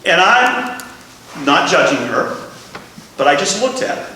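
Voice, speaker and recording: A man's voice: high-pitched, measured pace, a little hiss or hum. A man preaching a sermon, telling funny stories and bantering with the congregation. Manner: animated storytelling, jokes with the congregation. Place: large church hall. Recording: echoey hall, from far off, congregation audible.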